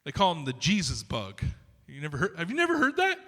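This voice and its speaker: A man preaching a sermon as pastor, conversational and animated, with frequent restarts and asides to the congregation. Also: on the high side, fast talker. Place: church sanctuary. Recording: reverberant church hall.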